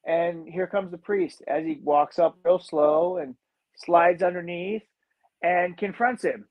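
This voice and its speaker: With a high voice and a slow pace, a man recaps a movie on a podcast over narrow, tinny audio. His co-host style is rambling, packed with "you know" fillers, and he performs the characters' lines.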